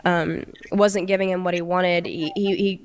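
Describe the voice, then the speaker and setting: A young woman recounting a personal story in a casual, halting way, often restarting her sentences. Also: lowish voice, flat delivery. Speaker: storyteller recounting a past relationship.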